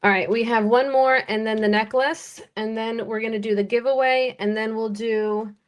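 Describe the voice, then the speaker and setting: A woman with an American accent running a live-stream jewelry auction, chatty and unhurried as she calls bids and describes each piece. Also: fairly high pitch, fairly even intonation.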